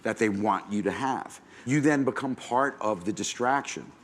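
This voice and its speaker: A man's voice: fairly low pitch, normal speed. A man talking passionately in a panel chat among comedians, ranting with frequent swearing.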